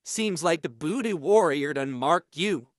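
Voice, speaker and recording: A man voicing a gruff, condescending male prison officer from Kentucky who drawls and calls people boy. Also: a little high, lively intonation, a little slow, no room sound, clean studio sound. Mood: mocking drawl.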